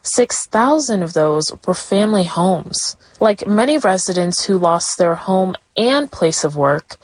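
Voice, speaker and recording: A woman reporter reading a scripted news narration in a measured, clear delivery. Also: mid-range voice, lively intonation, dry recording.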